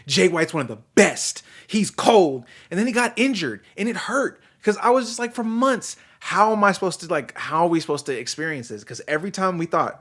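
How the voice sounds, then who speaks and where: A man hosting a podcast in casual chat, excitable, swinging from shouts to hushed tones, with slangy swearing. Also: fairly high pitch. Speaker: podcast host.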